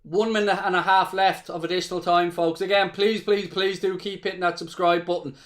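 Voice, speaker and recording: Excitable high-voiced Irish fan commentator. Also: male voice, fairly quick. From Ireland. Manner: excitable, swears freely, chats with viewers. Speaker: watchalong host.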